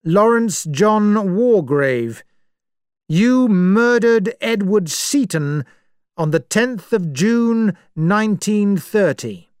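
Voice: mid-range voice, expressive, drawn-out words, clear, resonant tone, dry recording, clean studio sound, voice pushed up. Solemn male voice from a record, declaiming charges, put on by a reader of a story. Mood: accusing. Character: stern male voice on a record, accusing.

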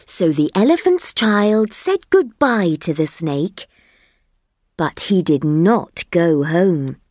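A woman narrating a children's story for language learners, slow, clear and expressive. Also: lowish voice, dry recording, clean studio sound. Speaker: narrator of a graded reader.

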